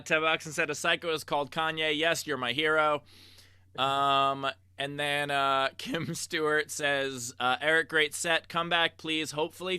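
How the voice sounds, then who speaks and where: A man with a high-leaning, sharp, clean voice co-hosts a laid-back comedy show via video call, with no room sound in the recording. He jokes at his own expense while reading donor messages and viewer tips aloud.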